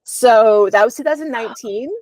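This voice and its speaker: A woman's voice: a little high, normal speed, darkish tone, no echo. A woman, a podcast guest, candidly telling a personal story at home over a video call, with a rambling flow and frequent ums.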